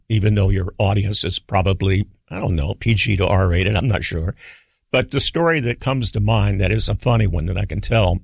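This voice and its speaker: An older man, a guest on a radio talk show, telling stories in a relaxed, rambling way with fillers and restarts. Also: on the low side, creaky, no room sound. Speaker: guest, radio executive and author. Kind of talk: relaxed storytelling. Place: studio.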